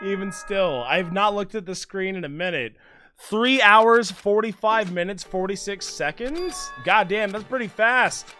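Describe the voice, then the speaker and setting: A young man with a high, bright voice streams a game and talks to his chat. His voice jumps between loud exasperated outbursts and low, deflated mumbling. Faint game music plays behind him. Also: measured pace. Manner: frantic, swings from exasperated shouting to deflated mumbling. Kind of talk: live gameplay streaming to chat.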